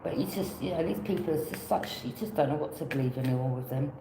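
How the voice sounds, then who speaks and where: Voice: medium pitch, quick pace, echoey room, background noise. A tarot reader giving a casual reading, rambling, repeating phrases and offering loose alternatives.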